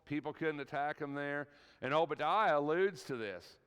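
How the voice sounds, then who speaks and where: A man leads an evening Bible class in a church hall. He talks in a conversational way and keeps checking in with the room. His voice sits somewhat high and sounds smooth and resonant, with a long reverb from the hall. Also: moderate pace, fairly bright tone.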